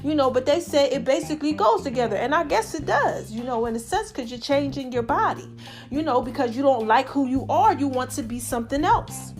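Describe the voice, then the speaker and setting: A woman's voice: high voice, lively intonation, brisk, soft background music. A woman hosting her own podcast in casual solo chat, laughing often and calling her listeners baby and y'all. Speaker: podcast host.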